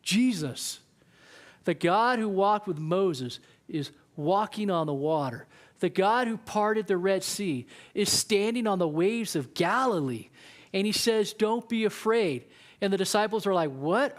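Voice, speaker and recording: A man's voice: high-pitched, expressive, slow pace. A man preaching a casual, conversational sermon, often acting out what people in the story say. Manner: conversational preaching, acts out quoted voices. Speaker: youth pastor.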